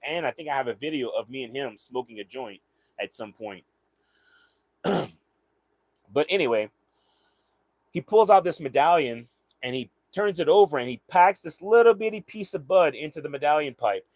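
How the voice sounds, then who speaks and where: A man's voice: a little high, no room sound. A young man from the American South telling a casual, rambling story, often repeating words as he goes. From Southern United States. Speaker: vlogger.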